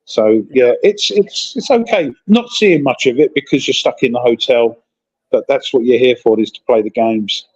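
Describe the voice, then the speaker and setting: A man's voice: medium pitch, moderate pace, a little mellow, slightly rough, lo-fi sound. A man in casual chat, telling rambling stories while calling in from a convention hotel. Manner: rambling, chatty storytelling.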